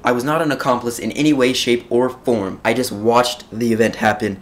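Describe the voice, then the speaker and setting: A teenage boy telling a school story in a casual, excitable way, exaggerating and laughing often. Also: medium pitch, brisk. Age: teens.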